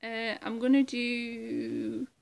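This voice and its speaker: A woman's voice: fairly high pitch, flat delivery, drawn-out words, gravelly. A woman in casual chat between her impressions, giggly and self-deprecating, who swears casually. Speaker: impressionist video creator.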